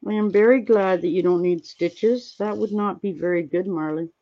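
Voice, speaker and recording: A woman streaming, chatting casually with viewers while she crafts, rambling and gently reassuring them with lots of fillers. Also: mid-range voice, normal speed, dull audio. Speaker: livestreamer answering chat.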